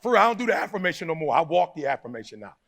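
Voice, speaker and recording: A man giving a live motivational speech to an audience, moving from low, close talk to shouted call-and-response, in a preacher-like manner. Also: big pitch swings, rapid-fire, vocal fry, noisy background. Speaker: motivational speaker. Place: large hall before a live audience.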